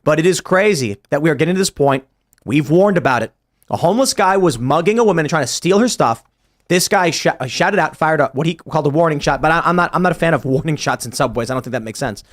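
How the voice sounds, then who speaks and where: A man's voice: fairly high pitch, animated, fast. A man hosting a casual panel talk show, leading the discussion with wry asides and acted-out scenarios. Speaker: podcast host.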